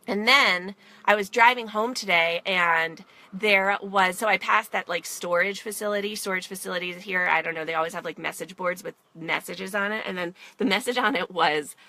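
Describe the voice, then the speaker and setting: A woman's voice: mid-range voice, vocal fry, pushed and bright, no room sound. A woman in her thirties chatting casually in a vlog, rambling with many fillers and getting emotional. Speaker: vlogger mom. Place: in her car.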